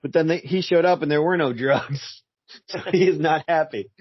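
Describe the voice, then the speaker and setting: A man's voice: a little high, moderate pace, husky, dry recording, muffled recording. A man co-hosting a casual podcast, joking and laughing often as he recaps a comic. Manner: joking, laughs often, does goofy voices for characters. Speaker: podcast co-host. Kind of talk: casual comic review chat.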